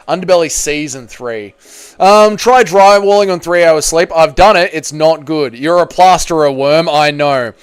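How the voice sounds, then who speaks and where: Sweary Australian streamer, smooth dry voice. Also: male voice, fairly high pitch, moderate pace, no echo. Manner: swearing, matey banter while reading donations. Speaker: MMA YouTuber streaming live. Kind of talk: casual livestream chat.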